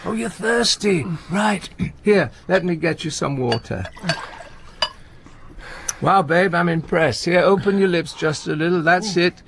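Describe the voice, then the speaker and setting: An actor playing a gentle, anxious older comedian in a radio play, talking in halting, stammering restarts. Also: male voice, sits high, gravelly, slight background noise, exaggerated voice. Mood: pleading. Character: aging male comedian, gentle, anxious, talkative. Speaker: visiting friend and comedy partner.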